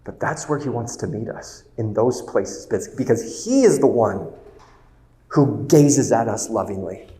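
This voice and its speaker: A man's voice: mid-range voice, very animated, a little slow, dark tone. A man giving a retreat talk, earnest and preacherly, stretching key words. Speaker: retreat speaker. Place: retreat venue hall. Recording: roomy hall with long reverb.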